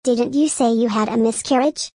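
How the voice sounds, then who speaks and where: A woman voicing a pushy female direct seller who chats up a friend in a breezy, chummy sales pitch. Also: normal speed, mellow.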